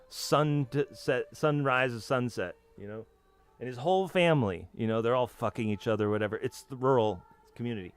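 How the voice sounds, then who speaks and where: A man's voice: mid-range voice, clean tone, no echo. A man giving a long rambling monologue as the channel host, half-singing nursery rhymes and swearing as he goes.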